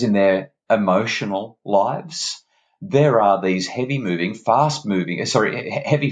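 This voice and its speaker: A man, a parenting expert guest on a podcast interview, talking in an animated, emphatic way and often restarting his words. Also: deep voice. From Australia.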